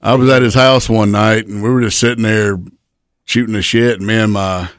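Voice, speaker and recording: Lowish-voiced middle-aged man telling stories. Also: fairly even intonation, brisk, clean tone, dry recording, studio quality. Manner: laid-back, profane, rambling anecdotes. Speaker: guest, retired pro wrestler. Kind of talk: casual storytelling.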